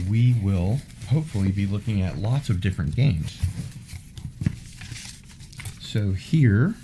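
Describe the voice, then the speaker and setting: A man hosting a casual unboxing video, talking in an unhurried way with wry asides. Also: low-pitched, noisy background. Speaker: unboxing vlog host.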